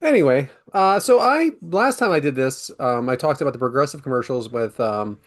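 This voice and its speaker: A man's voice: medium pitch, lively intonation, normal speed. A man hosting a podcast, leading segments in an upbeat, casual way and laughing often. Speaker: podcast host. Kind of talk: casual chat.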